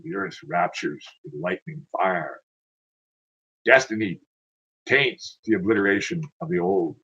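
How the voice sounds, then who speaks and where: A man's voice: on the low side, very animated, a little slow, creaky, bright, forceful tone, husky, lo-fi sound. A man reading his own poetry aloud in a dramatic, declaiming way, with casual asides between poems.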